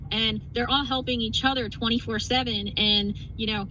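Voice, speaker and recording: Woman trucker and trainer, animated talker, slightly high voice, faint noise behind. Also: moderate pace, poor audio. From outside Philadelphia. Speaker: trucker and trainer, show guest. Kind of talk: casual podcast chat.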